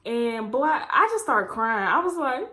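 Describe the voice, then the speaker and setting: Young woman, fairly high voice, chatty vlog storytelling, animated, acts out quotes. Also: a little slow. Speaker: vlogger.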